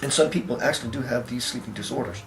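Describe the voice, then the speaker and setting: A man talking casually to camera, telling an anecdote in a relaxed way with fillers and restarts, and acting out the voices in his story. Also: mid-range voice, quick pace, faint music behind. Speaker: spiritual teacher.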